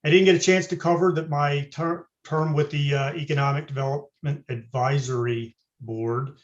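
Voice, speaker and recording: Man, city candidate, fairly high voice, measured, hesitant, lots of uhs, dull lo-fi call audio. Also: fairly even intonation. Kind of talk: forum answer over video call.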